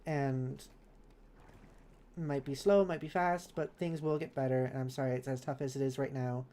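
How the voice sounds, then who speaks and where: A woman's voice: a bass voice, fairly even intonation, normal speed, dark tone. A woman streamer in casual live chat while gaming, reading viewers' messages aloud and answering them kindly. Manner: chatty and self-correcting, with laughs.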